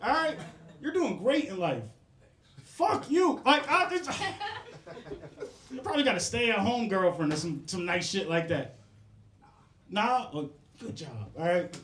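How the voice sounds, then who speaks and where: This young comedian's voice is high and sing-song, slow, with long pauses and a fairly bright tone. He's doing a foul-mouthed club set, joking with the crowd and laughing along at his own bits, and the audio has a roomy club feel.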